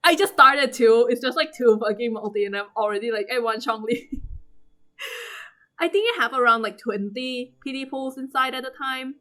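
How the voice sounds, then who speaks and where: A woman recapping her game pulls in casual commentary, excitable and swearing, acting out her own squeals. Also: sits high, normal speed. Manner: trails off with fillers and restarts. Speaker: gaming vlogger. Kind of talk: casual gaming commentary over gameplay.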